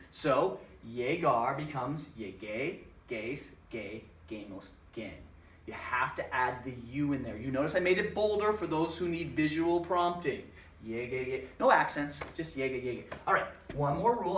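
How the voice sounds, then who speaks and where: A man's voice: a little high, fairly bright tone, a little hiss or hum. A man teaching a recorded Spanish lesson in a chatty way, spelling words out letter by letter and answering his own questions. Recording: echoey room, voice a bit far from mic.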